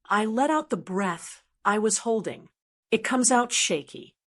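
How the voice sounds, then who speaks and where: A woman's voice: on the high side, lively intonation, measured pace, fairly bright tone. An older woman narrating a first-person family story in a reflective, emotional way.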